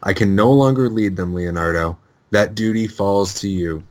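A man's voice: fairly low pitch, darkish tone, natural voice. A man reading as Splinter, solemn old rat master. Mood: grave. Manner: formal, measured reading of dialogue. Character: old male rat sensei, solemn and grave.

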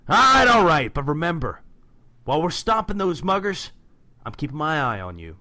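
A man reading out a hot-headed young male turtle vigilante from a comic book, gruff and stern. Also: mid-range voice, very animated, moderate pace, fairly bright tone, no room sound.

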